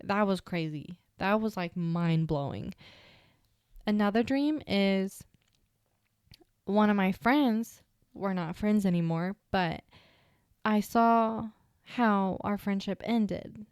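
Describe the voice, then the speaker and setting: A woman's voice: medium pitch, slow, long pauses, darkish tone, clear, resonant tone, no room sound, clean studio sound. A young woman hosting a solo podcast, telling personal stories in a chatty, rambling way full of fillers. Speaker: podcast host. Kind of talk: casual solo podcast storytelling.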